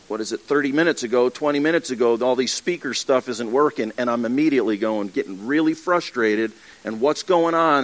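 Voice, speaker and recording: A man's voice: on the high side, fairly bright tone. A man preaching a sermon to his congregation in an earnest, conversational way, with frequent restarts and acted asides. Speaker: pastor. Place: church with livestream.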